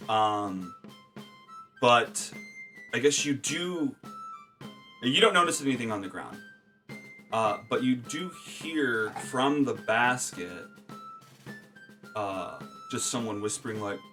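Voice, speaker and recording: A man running a tabletop game, describing the scene in a middling voice. He hedges and pauses, filling gaps with "um" and "like". Soft music sits faintly in the background. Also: mid-range voice, expressive. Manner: hesitant, filler-heavy narration. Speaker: game master.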